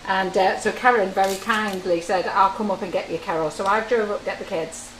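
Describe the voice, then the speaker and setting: A woman's voice: mid-range voice, steady tone, fairly quick, a bit bright, a little hiss or hum. Chatty woman in a roomy kitchen. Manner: chatty, jokey storyteller who teases viewers. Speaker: baker demonstrating on a livestream. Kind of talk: chatty live baking demonstration. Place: home-style kitchen studio.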